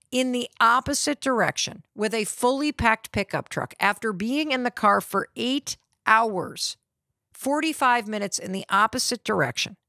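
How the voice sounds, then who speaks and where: A middle-aged woman hosting a podcast, telling a personal story with lively acted-out quotes of the people in it. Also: on the high side, no room sound, clean studio sound. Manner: acts out quoted voices of family and ranger. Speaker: podcast host.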